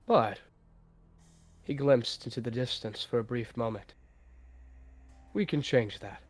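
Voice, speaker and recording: A man voicing a cold, contemptuous adult tom cat who lurks in a dark dream forest, speaking with quiet menace. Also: mid-range voice, a little slow, natural voice. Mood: scornful. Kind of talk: online role-play voice acting.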